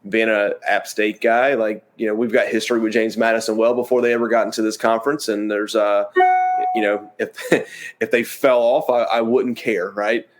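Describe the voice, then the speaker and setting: A man's voice: lowish voice, flat delivery, moderate pace, faint music behind. A man co-hosting a college sports review show, talking in an easygoing, chatty way with fillers. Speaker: co-host. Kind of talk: casual sports chat.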